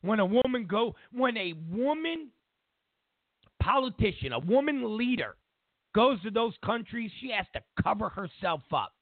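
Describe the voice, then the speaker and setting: Animated high-voiced male host, tinny audio. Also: moderate pace, no room sound. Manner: animated, mocking rant. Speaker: show host. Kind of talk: opinionated political commentary. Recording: tinny phone-like dry audio.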